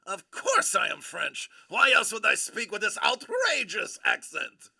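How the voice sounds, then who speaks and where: A man's voice: high voice, wildly swooping pitch, a little slow, gravelly, sharp tone, voice pushed up, full character voice. A man playing a haughty French guard who hurls mock insults in an exaggerated put-on French accent. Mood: taunting.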